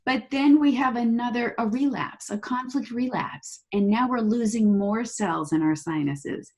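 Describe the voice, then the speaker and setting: A woman guest in an interview, explaining her views in a lively way and acting out the voices people use in their heads. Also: a little high, measured pace, hardly any pauses. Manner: animated, acts out inner voices while explaining. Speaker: guest, holistic practitioner.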